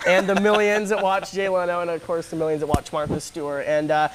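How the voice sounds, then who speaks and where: A man's voice: high voice, flat delivery, brisk, slight background noise. A man talking as a reptile expert guest on a live TV morning show, eager and rambling with lots of fillers. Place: TV studio.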